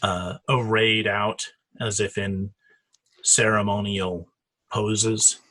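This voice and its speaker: A man running a tabletop game as dungeon master, easygoing and halting, laughing often. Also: on the low side, little pitch movement, pushed and bright.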